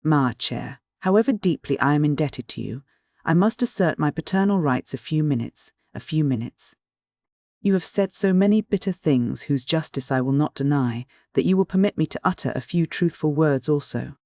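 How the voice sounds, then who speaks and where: A man's voice: fairly high pitch, animated, normal speed, gravelly, a little mellow, dry recording, studio quality. A man voicing a bankrupt old noble father, flowery, mocking and cynical in a storybook reading.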